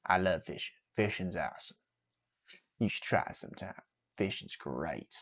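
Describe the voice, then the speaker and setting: Man putting on a low, quiet, drawling farmer type, odd and rambly, dull lo-fi audio. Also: moderate pace, breathy edge. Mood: goofy. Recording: dull lo-fi sound.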